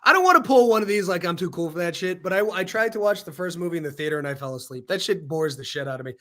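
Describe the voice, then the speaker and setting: A man's voice: high-pitched, lively intonation, very fast, bright, forceful tone. A man hosting a casual podcast chat, swearing freely and laughing often. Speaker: podcast host.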